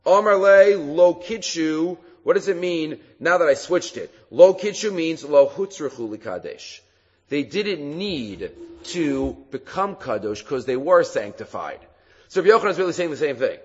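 A man giving a Talmud class lecture, animated and often halting to restart his phrases. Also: on the high side, breathy edge. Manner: animated, acts out quoted rabbis in a raised voice; halting, with many fillers and restarts. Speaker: Talmud teacher. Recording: reverberant hall, dull lo-fi sound.

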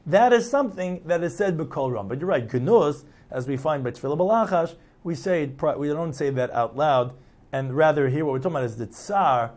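A man's voice: a little high, expressive, brisk, a little mellow. Man teaching Talmud, reading and translating. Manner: reads Aramaic text then translates, explanatory. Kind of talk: Talmud class lecture.

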